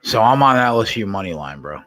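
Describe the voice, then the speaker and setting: A man's voice: on the low side, lively intonation, a little fast, fairly bright tone. A man hosting a casual sports betting chat, blunt and swearing casually. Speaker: show host.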